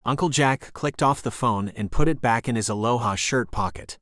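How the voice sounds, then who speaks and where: A man reading a thriller audiobook as narrator, in a steady storytelling voice. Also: mid-range voice, moderate pace, no echo, studio quality. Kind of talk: scripted narration.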